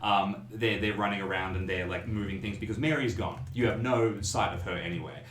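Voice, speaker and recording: A man narrating a tabletop horror game as game master, halting with many fillers. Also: fairly low pitch, fairly even intonation, fairly bright tone, echoey room.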